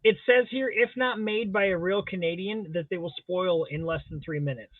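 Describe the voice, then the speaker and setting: A man co-hosting a live drawing stream in casual chat, joking playfully with deadpan exaggeration. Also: high voice, normal speed, no room sound. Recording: tinny phone-like sound.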